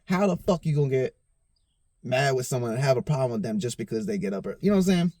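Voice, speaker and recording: A man of medium pitch and lively intonation talks fast as he hosts a podcast, somewhat tipsy and rambling through a personal story. He swears a lot and keeps saying "you know what I'm saying," and his darkish voice is recorded dry.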